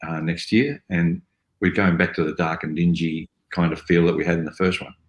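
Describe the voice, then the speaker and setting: An older man with an Australian accent, telling rambling, animated stories as an actor guest on a video call. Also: sits low, brisk, echoey room, low-quality recording. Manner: rambling, animated storytelling with mimicry. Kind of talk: casual interview anecdotes.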